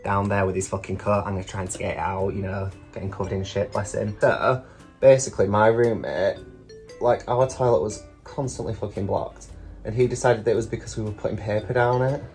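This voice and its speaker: A man's voice: on the low side, steady tone, fairly quick, darkish tone, soft background music. A young British man, a drag queen vlogger, telling stories casually, swearing freely and filling with lots of "like". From United Kingdom. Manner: chatty, swears freely, many fillers. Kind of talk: casual storytelling.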